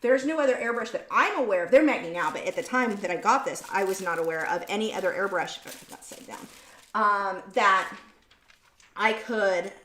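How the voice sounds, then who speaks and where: A woman's voice: medium pitch, normal speed, pushed and bright. A woman hosting a casual painting livestream, chatting in a rambling way and correcting herself mid-sentence. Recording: roomy room sound.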